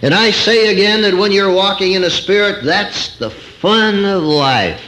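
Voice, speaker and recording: A middle-aged preacher and counselor with a high-sitting, sharp-toned voice speaks a little slowly during a sermon. He tells a personal anecdote in a folksy manner, adding wry humor and asking his listeners rhetorical questions.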